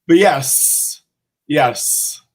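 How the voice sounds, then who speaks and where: A man's voice: fairly high pitch, drawn-out words. A man hosting a casual livestream, rambling with lots of fillers and restarts. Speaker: livestream host. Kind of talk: casual chat.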